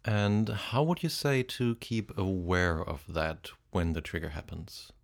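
A man with a very low voice leads an interview. He asks short questions and sums up the guest's points before moving on. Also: measured pace, gravelly. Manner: brief, summarizing questions.

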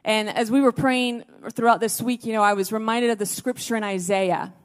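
Woman preaching, hushed to fervent. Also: on the high side, fairly even intonation, normal speed, clear, resonant tone, in a large hall. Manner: swings from hushed near-whispers to emphatic raised exhortation. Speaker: pastor. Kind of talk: sermon. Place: church service before a congregation.

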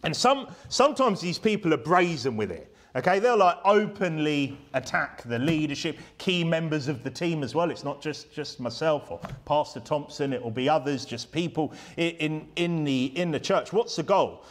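A man's voice: fairly high pitch, expressive, normal speed, hardly any pauses. A man preaching a sermon in a church, talking in a chatty way and often ending points with rhetorical tag questions. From United Kingdom. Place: church hall.

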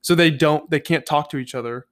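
A man co-hosting a podcast in casual chat, relaxed and chatty, filling his sentences with "like". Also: on the high side, a little fast. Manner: relaxed, many "like" fillers, laughs along. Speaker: podcast co-host.

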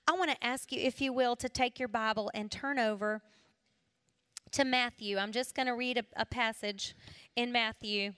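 A middle-aged woman sharing an emotional personal testimony at a women's gathering, her voice rising with feeling and dropping to soft whispers. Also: a little high, moderate pace, no room sound, clean studio sound. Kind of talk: testimony sermon.

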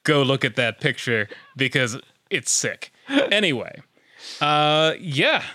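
A man's voice: on the high side, big pitch swings, slow, pushed and bright, no echo. Joking, offhand male podcast guest. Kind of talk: casual chat.

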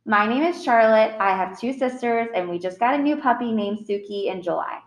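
A woman's voice: on the high side, a little fast, lightly acted. A woman voicing a chatty, bubbly young schoolgirl who gushes in a storybook. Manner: bubbly, gushing. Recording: roomy echo.

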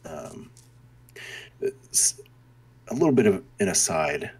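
Man, very deep husky voice, laid-back rambling podcast talk. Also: big pitch swings, takes it slowly, darkish tone. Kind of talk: casual chat.

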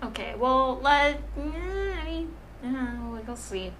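A woman's voice: high voice, lively intonation, takes it slowly, a bit bright. A woman co-hosting a podcast, chatting casually, laughing often and trailing off mid-sentence. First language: Vietnamese heritage, speaks English. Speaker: podcast co-host. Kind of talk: casual chat.

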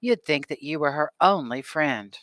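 A man voicing a kind, worried mother in an audiobook, speaking in a gentle, pleading manner. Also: mid-range voice, lively intonation, normal speed, dry recording.

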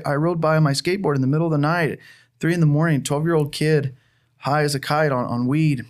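A man's voice: fairly high pitch, brisk. A man who is starting a new church tells his personal testimony in a conversation, speaking earnestly and often restarting his sentences. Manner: earnest, heartfelt storytelling with frequent restarts. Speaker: church planter.

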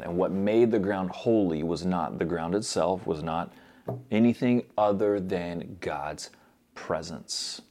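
A man preaching a sermon earnestly, moving between loud urgent stretches and soft hushed ones. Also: deep voice, takes it slowly.

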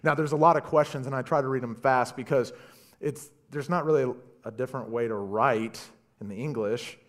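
A man preaching a sermon, retelling a story with animated delivery and stammered repeats. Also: medium pitch, brisk. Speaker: pastor.

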